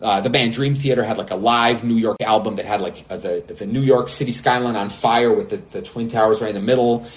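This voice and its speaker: A man's voice: fairly low pitch, steady tone, brisk. A man hosting a casual podcast, laughing often and rambling with many fillers. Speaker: podcast host.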